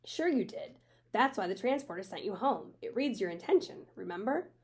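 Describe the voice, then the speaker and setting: A woman's voice: medium pitch, lively intonation, darkish tone, husky. Woman reading as a stern older magic guardian. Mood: firm. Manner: brisk, commanding, matter-of-fact. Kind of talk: reading a children's book aloud.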